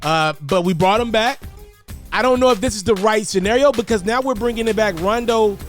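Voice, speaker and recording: A man giving casual, animated basketball commentary, often repeating words and jumping up in pitch for emphasis. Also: brisk, faint music behind.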